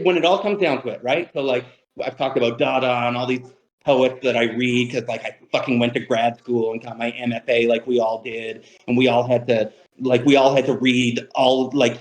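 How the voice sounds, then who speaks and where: A man's voice: medium pitch, rough recording. A man, a poet talking casually about poetry on a livestream, rambling, swearing freely and poking fun at himself. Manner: rambling, profane and self-mocking. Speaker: poet giving a reading.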